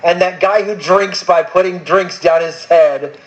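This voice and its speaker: A man's voice: high-pitched, unhurried. A man co-hosting a podcast in casual chat, enthusiastic and stumbling over restarts. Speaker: podcast co-host. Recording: dull lo-fi sound.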